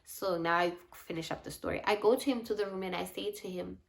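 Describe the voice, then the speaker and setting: A woman's voice: mid-range voice, fast, creaky. A woman telling a personal story in a faith vlog, candid and reflective. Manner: candid, reflective, animated in retold asides. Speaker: faith and lifestyle vlogger.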